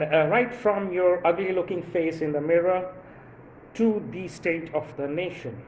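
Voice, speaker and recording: Man from India, stand-up monologue, unhurried and meandering, laughs at his own lines, echoey room, faint noise. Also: a little high, a bit bright. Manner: rambling, with many fillers and chuckles at own jokes. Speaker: stand-up comedian.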